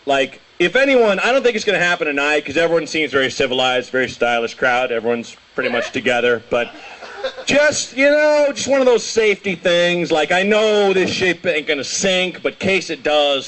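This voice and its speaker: A young man tells a loose, rambling stand-up story and keeps breaking into loud shouted impressions. His voice sits fairly high. Faint room noise hangs behind him at a small comedy show. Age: young adult.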